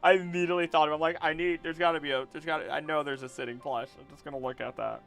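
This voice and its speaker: A man's voice: a little high, steady tone, very fast, vocal fry, fairly bright tone, faint music behind. A man streaming as he draws, chatting casually, muttering to himself and swearing now and then. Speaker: streamer and voice actor. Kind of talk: casual livestream chat while drawing.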